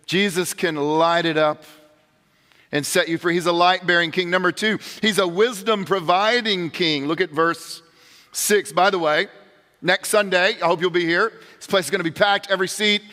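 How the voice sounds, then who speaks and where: A man delivers a sermon as pastor in a large church sanctuary, speaking earnestly to the congregation and often restarting his words. His voice sits high and bright. Long reverb from the hall trails behind every phrase. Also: steady tone, normal speed. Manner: earnest preaching with restarts and direct address.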